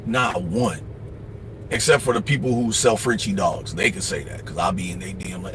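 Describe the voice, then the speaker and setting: A man hosting a livestream, giving casual life advice in a blunt, profane, preachy way, often mimicking other people in quick asides. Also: low voice, background noise. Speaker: livestream host.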